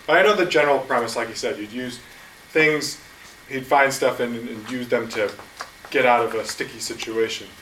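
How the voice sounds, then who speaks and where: A man giving an unprepared answer at a club meeting, rambling and poking fun at himself between pauses. He sounds distant from the mic, in a room with a roomy echo and steady noise. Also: medium pitch. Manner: rambling, self-deprecating, hesitant. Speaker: impromptu speaker. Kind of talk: impromptu speech.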